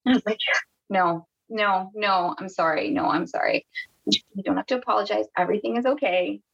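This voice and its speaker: A woman's voice: medium pitch, brisk, vocal fry, fairly bright tone, breathy edge, lo-fi sound. A woman from Canada, a podcast guest telling a personal story in a casual, chatty way, with many restarts and quoted dialogue.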